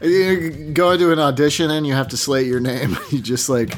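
A man's voice: fairly high pitch, fairly even intonation, normal speed, hardly any pauses. A man co-hosting a casual podcast, needling his partner with dry, teasing questions. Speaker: podcast co-host.

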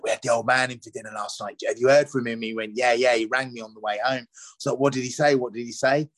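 A man's voice: medium pitch, fairly bright tone, dry recording, low-quality recording. A middle-aged man, a chef guesting on a podcast, telling his story casually with many restarts and fillers. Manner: rambling, with many restarts and "you know" fillers.

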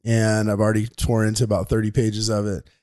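A man's voice: on the low side, fairly quick. Chatty male podcast host. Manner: relaxed, chatty, laughs often, some restarts. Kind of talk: casual chat.

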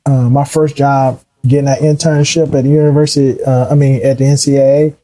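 A middle-aged man telling his career story in a casual, animated way, acting out the voices of people he quotes. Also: medium pitch, fairly quick, rough recording. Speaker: guest.

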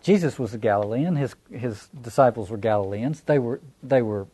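Mellow-voiced Southern man lecturing. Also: medium pitch, moderate pace, slightly rough. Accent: Southern American. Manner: thoughtful, restarting phrases, rhetorical questions. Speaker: lecturer on scripture. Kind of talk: reflective lecture.

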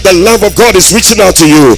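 A man preaching a sermon as pastor, in a sing-song, emphatic delivery that rises to shouted declarations. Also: high-pitched, quick pace, faint music behind.

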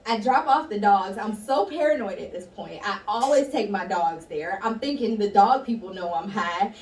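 A woman telling a funny personal story in casual chat, animated and acting out the voices she quotes. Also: medium pitch, normal speed. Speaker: guest storyteller. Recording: echoey room, distant mic, faint noise.

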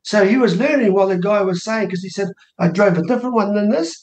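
A New Zealand man in his sixties, a minor party co-leader appearing as an interview guest, tells animated personal anecdotes at a quick pace in a fairly high voice. He acts out quoted dialogue with a lively, rising voice, and the studio sound is roomy.

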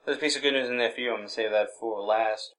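A man's voice: medium pitch, steady tone, very fast, fairly bright tone. A man co-hosting a podcast, laid-back and teasing, reading out news items in casual chat. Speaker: podcast co-host.

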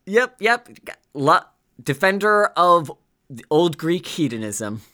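A woman co-hosting a podcast in casual chat, talking in a chatty, animated way with lots of fillers. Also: fairly low pitch, takes it slowly. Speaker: podcast co-host.

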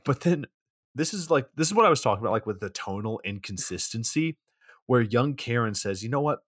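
A man's voice: mid-range voice, lively intonation, fairly quick, no echo, studio quality. A man co-hosting a podcast, casually recapping a bad movie in a rambling, profane way full of "like". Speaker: podcast co-host.

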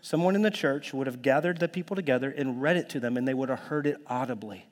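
A man preaching a sermon in a lively, conversational way, now and then dropping to a whisper or jumping to a shout. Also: medium pitch, quick pace. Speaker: pastor. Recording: long hall reverb.

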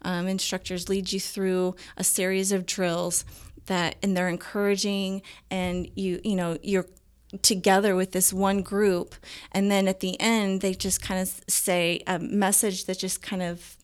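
A woman's voice: medium pitch, measured pace, clear, resonant tone. A woman guest casually telling a personal story, acting out the dialogue she quotes. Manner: animated, acts out quoted dialogue. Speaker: interview guest.

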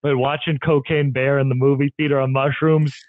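A man's voice: medium pitch, flat delivery, brisk, no echo. A man who is a comedian guest, telling wild stories in casual chat and laughing often. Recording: tinny phone-like line, dry.

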